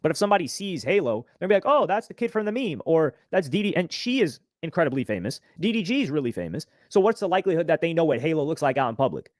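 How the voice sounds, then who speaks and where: A man co-hosting a casual live-stream commentary, talking quickly as he reads out and reacts to posts. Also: on the high side, very animated, dry recording, clean studio sound. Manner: quick, conversational, reading out and reacting.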